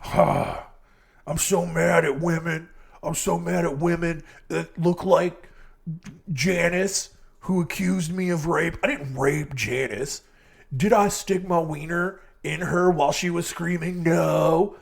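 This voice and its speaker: A man's voice: on the high side, unhurried, vocal fry. A man doing a whiny, self-pitying young man in a surfer-bro drawl. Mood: aggrieved.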